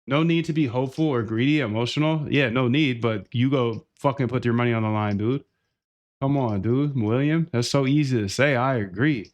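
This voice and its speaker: Excitable swearing young man streaming trades. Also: mid-range voice. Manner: excitable, swears a lot, calls listeners bro and dude. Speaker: trading streamer. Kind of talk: casual livestream rant.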